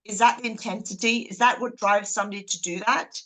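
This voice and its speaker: A woman's voice: medium pitch, fairly even intonation, quick pace, sharp tone, poor audio. A woman leads a book group over a video call. She talks casually, laughs easily and keeps putting questions to the group.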